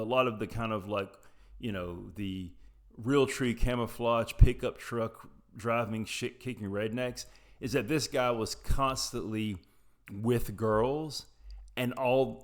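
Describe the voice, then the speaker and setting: A man's voice: mid-range voice, a bit bright. A young adult man from Appalachia telling a personal story in a casual, rambling, profane way, with frequent tangents.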